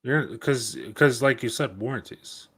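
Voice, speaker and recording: A man's voice: mid-range voice, a little slow, a bit bright, breathy edge. A man co-hosting a gaming podcast, telling rambling stories in casual chat and correcting himself as he goes. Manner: rambling, self-correcting storyteller. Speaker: podcast co-host.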